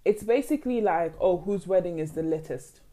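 A young woman, co-hosting a casual chat, expressive and emotional, rambling with many fillers. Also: on the low side, moderate pace. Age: young adult. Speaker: podcast co-host.

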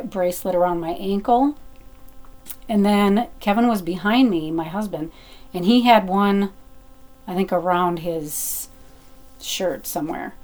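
A middle-aged woman telling a personal story in a chatty, animated way, with fillers and restarts. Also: mid-range voice.

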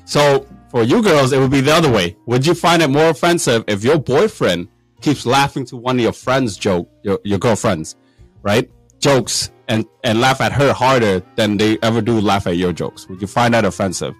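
A man's voice: medium pitch, moderate pace, no echo, soft background music. A man hosting a casual group chat, asking questions, teasing and laughing often. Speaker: host.

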